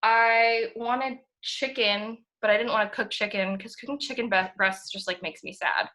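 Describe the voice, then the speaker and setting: A woman's voice: on the high side, steady tone, normal speed, pushed and bright. A young woman chatting enthusiastically as a podcast co-host, full of fillers and the odd swear word. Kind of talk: casual chat.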